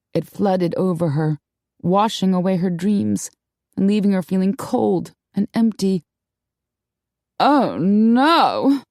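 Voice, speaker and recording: Brief: expressive female romance narrator, warm and close, dry booth. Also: on the low side, no echo. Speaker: audiobook narrator. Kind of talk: scripted narration.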